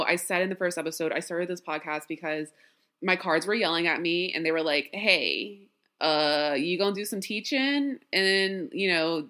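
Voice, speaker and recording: Tired chatty woman, Southern lilt. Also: on the low side. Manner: chatty, warm sign-off with laughs, self-deprecating. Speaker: podcast host. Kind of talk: casual chat.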